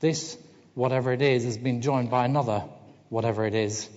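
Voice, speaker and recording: A man voicing a slow, dreamy, mysterious male bear with a soft manner. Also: medium pitch, fairly even intonation, close to an everyday voice. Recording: dull lo-fi sound in a big hall.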